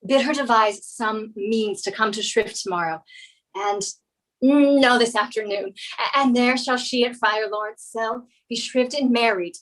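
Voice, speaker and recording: A woman voicing an earnest young man in love, dropping her voice low, in a stage reading of a classic play. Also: unhurried, close to an everyday voice, low-quality recording.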